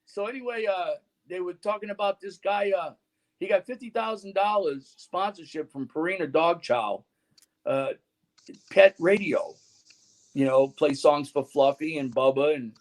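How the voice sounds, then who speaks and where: A man with a notably high speaking voice tells long, loose stories as a guest on a talk show. He rambles from one thread to the next and peppers nearly every phrase with "you know" and "man". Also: unhurried. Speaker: guest musician and radio host. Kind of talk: casual interview storytelling.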